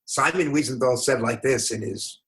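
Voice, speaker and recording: An older man from New York, a rabbi being interviewed, telling stories in an unhurried, anecdotal way with emphatic moments. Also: mid-range voice, creaky, a bit bright. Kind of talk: conversational storytelling.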